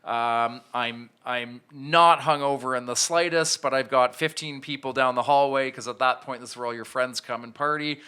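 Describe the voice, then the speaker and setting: A man's voice: medium pitch, fairly even intonation, moderate pace, hardly any pauses, pushed and bright, clean tone. A man in his thirties, a podcast guest, telling a candid, self-reflective personal story with frequent restarts. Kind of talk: storytelling in an interview.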